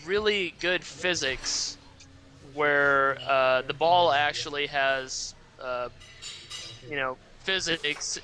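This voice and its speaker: Hesitant gamer guest with a bright voice. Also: male voice, fairly high pitch, slow pace. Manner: hesitant, many fillers. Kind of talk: casual interview answers.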